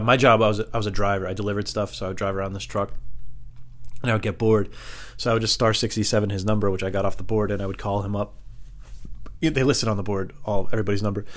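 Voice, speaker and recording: Young guy rambling thru a prank story, lowish voice, laughs a lot. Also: a bit bright. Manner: rambling, self-mocking, laughs while telling. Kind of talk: casual anecdote monologue.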